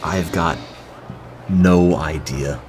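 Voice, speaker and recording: A man's voice: low voice, drawn-out words, a little mellow. A man from New Jersey giving dry, sarcastic commentary while playing a video game. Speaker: let's play commentator. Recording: game music behind the voice.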